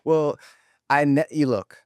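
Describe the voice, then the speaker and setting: A man's voice: fairly high pitch, slow pace, a little mellow, clear, resonant tone, no echo, clean studio sound. A man chatting as a guest on a casual podcast, speaking in an easygoing, earnest way about his business and his family.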